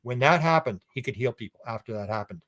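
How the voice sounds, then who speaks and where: A man as an interview guest, telling a long story in an animated, rambling way and acting out what people said. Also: medium pitch, fast. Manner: animated, rambling, acts out quoted speech. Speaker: guest researcher.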